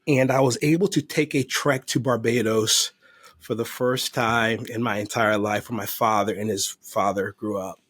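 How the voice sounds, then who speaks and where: A man's voice: on the low side, fairly even intonation, normal speed, fairly bright tone, husky, no echo, studio quality. A man on a podcast as a guest, telling his story of recovery in a heartfelt, faith-filled way. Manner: earnest, heartfelt and emotional. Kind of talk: personal testimony in conversation.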